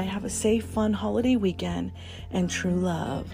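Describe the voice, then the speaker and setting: A woman's voice: medium pitch, unhurried, vocal fry, music in the background. A woman hosting a casual morning coffee podcast, chatty and laughing often. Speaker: podcast host.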